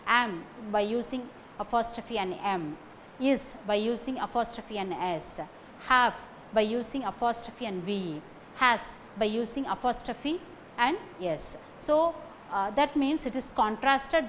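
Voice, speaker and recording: A woman giving a recorded lecture on phonetics, speaking deliberately, repeating example sentences and checking in with "okay" between points. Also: fairly high pitch, animated, a little hiss or hum, low-quality recording.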